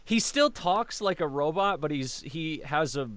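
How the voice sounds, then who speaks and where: A man hosting a casual interview, chatty and quick to laugh. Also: a little high, lively intonation, a bit bright, dry recording. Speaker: interview host.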